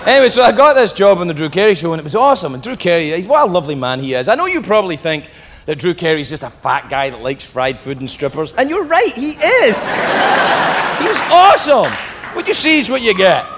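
Animated high-voiced male stand-up comic. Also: a little fast, slight background noise. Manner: profane, animated, self-mocking. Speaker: stand-up comedian. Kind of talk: stand-up storytelling. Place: theatre stage before a live audience. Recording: reverberant hall with loud crowd laughter.

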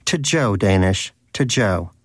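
A man's voice: fairly low pitch, animated, slow pace, husky, no echo, clean studio sound, heavily acted. A man voicing a pious, bitter, hungry male pet rodent, with a preachy, indignant manner in a storybook reading. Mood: demanding. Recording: music playing behind.

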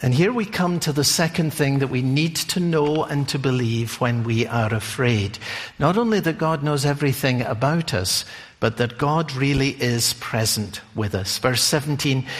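A male preacher giving a sermon in a deliberate storytelling manner, often asking listeners questions. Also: medium pitch. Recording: long hall reverb.

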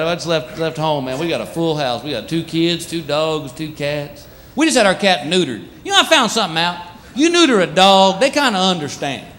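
A married man doing stand-up about his pets, animated, acting out the animals in squeaky voices. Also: a little hiss or hum. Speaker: stand-up comedian. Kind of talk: stand-up routine. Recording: live show with loud audience laughter. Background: audience laughter.

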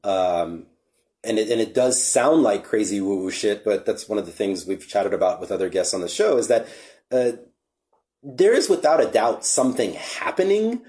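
A man hosting a podcast, talking in a relaxed, reflective way and swearing casually. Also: fairly low pitch, normal speed. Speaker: podcast host.

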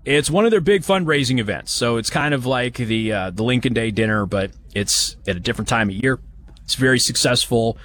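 A man's voice: medium pitch, expressive, fairly quick, fairly bright tone. A man hosting a live talk radio show from an event, speaking in a chatty, sarcastic, opinionated way. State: has hiccups. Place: live broadcast at a banquet hall event.

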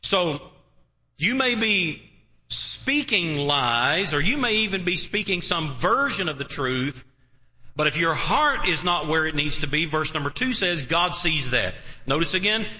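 A man's voice: a little high, expressive, bright, forceful tone. A male pastor preaching a sermon to his church, drawing out words and asking the congregation questions. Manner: emphatic, drawn-out preaching with rhetorical questions. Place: church sanctuary. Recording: reverberant church hall.

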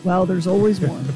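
A woman co-hosting a radio show, talking with enthusiastic, rambling energy. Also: on the high side. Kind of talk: morning radio banter.

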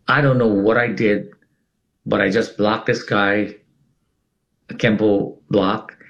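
A man telling a dramatic personal story in an interview, speaking with emphatic swings in tone. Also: gravelly. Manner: dramatic, swings his pitch widely for emphasis. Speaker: interview guest.

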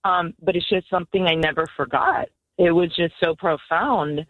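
A woman from Florida calling in to a radio show, telling an animated story about her son. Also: lowish voice, moderate pace, dry recording, phone-quality sound. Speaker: caller. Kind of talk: call-in radio testimony.

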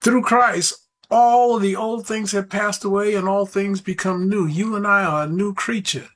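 A high-pitched man delivers a sermon on the radio. He preaches earnestly and often pleads with his listeners. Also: fairly even intonation, normal speed, fairly bright tone.

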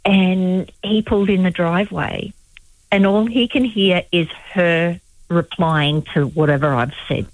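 A woman's voice: fairly low pitch, a little slow, no room sound, poor audio. A woman in her forties telling a frank, funny story on a radio show.

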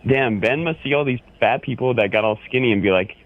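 A brisk, medium-pitched man from Orange County, California, phones in to a radio show and needles the host with teasing banter. The call comes through a tinny phone line.

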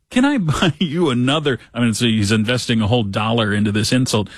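A man hosting a talk show, reading a news story aloud with sarcastic asides and lively quoting. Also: mid-range voice, brisk, few pauses, no room sound. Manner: sarcastic, animated when quoting others. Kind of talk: casual commentary reading news.

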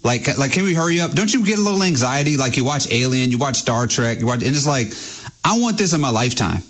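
A man co-hosting a radio show, rambling and excitable with lots of fillers. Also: medium pitch, quick pace. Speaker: radio co-host. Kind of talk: radio talk. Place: radio studio.

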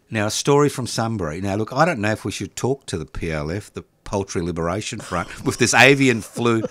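A man's voice: lowish voice, lively intonation, brisk, few pauses, a bit bright, no room sound. An older man hosting talkback radio, jokey and teasing with exaggerated asides. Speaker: radio host. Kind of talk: casual talkback chat.

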